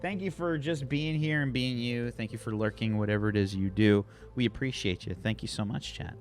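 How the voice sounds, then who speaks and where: A man's voice: mid-range voice, brisk, soft background music. A man hosting a tabletop game livestream, rambling through thanks and plugs at the end of the show. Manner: rambling, grateful sign-off. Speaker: game master and host. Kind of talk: livestream outro.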